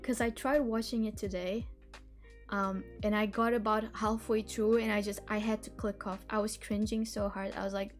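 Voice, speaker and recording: A woman's voice: mid-range voice, a little mellow. Giggly young woman chatting on stream. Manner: rambling, giggly, many restarts and "like"s. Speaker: streamer hosting reading sprints. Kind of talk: casual live-stream chat.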